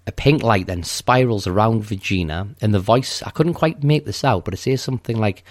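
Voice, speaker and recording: A man's voice: on the low side, lively intonation, fairly quick, hardly any pauses, a little mellow, no echo, clean studio sound. A man co-hosting a casual podcast, recounting a video game level step by step in a methodical way. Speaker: podcast co-host. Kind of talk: casual game walkthrough chat.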